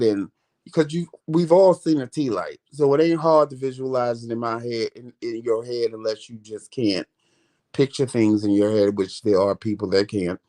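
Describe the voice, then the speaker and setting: A man talks things through in a loose, chatty vlog style. His voice sits at an ordinary middle pitch, and he rambles comfortably as he gives down-to-earth advice. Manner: relaxed, talkative, Southern US vernacular. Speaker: vlog host. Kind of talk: casual chat.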